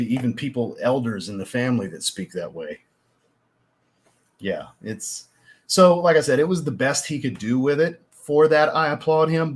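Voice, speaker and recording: A husky-voiced man talks straight to his livestream audience. His pitch sits in an ordinary middle range, and he rambles in a casual, chatty way that turns theatrical when he gets worked up. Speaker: fragrance reviewer hosting a livestream.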